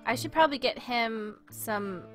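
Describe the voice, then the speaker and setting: A woman's voice: a little high, expressive, moderate pace, soft background music. A woman streaming a game, rambling through awkward, self-deprecating commentary. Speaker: let's play streamer.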